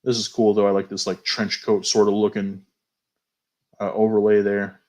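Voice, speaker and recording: A man hosting a toy show, casually going over new action figures, chatty and unhurried, often hedging and fumbling for names. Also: on the low side, level tone, darkish tone. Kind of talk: casual toy news review.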